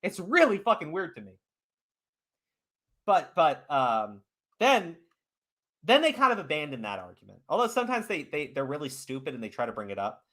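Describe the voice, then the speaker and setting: A man on a podcast, ranting hard and swearing often. His pitch swings widely from line to line, and his voice has a bright, forceful edge. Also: huge pitch swings, normal speed, pauses often. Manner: profane, heated and emphatic. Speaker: podcast host. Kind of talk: ranting commentary.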